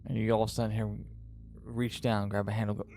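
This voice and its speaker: A man narrating a tabletop game as game master, in a dramatic, drawn-out style with pauses. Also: lowish voice, little pitch movement, vocal fry, dark tone, a little hiss or hum.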